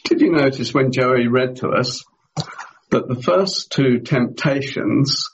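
A man preaching a sermon in a measured way, often asking his listeners rhetorical questions. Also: medium pitch, muffled recording.

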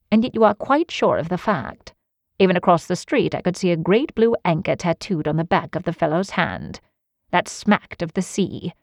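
A woman's voice: fairly low pitch, gravelly, a little mellow, no echo, studio quality. A woman voicing Sherlock Holmes, an aloof Victorian detective, in a cool, offhand, lecturing manner.

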